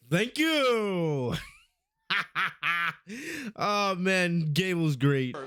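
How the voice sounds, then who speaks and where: Male podcast host, excitable and giggly, drawn-out lively delivery. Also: high voice, smooth, no room sound. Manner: laughs often, excitable, repeats lines. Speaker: podcast host reviewing a show. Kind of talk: casual review with replayed clips.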